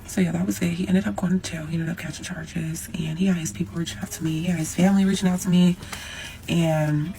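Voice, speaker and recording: Animated woman telling a storytime. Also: fairly low pitch, quick pace, vocal fry, slight background noise, rough recording. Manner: animated, swears, addresses viewers as y'all. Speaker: storyteller vlogger. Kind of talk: casual storytime to camera.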